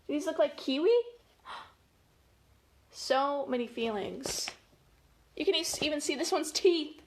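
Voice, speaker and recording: A woman's voice: high-pitched, lively intonation, unhurried, long pauses, darkish tone, slight background noise. A woman, a family educator, reading a picture book aloud to children in a playful, chatty way, with gasps and laughs along the way.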